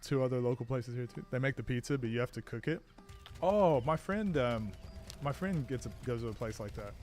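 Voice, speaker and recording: A man's voice: medium pitch, lively intonation, a little fast, darkish tone, faint music behind. A man chatting casually while streaming a video game, rambling and self-deprecating. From Australia. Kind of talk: casual gaming stream chat.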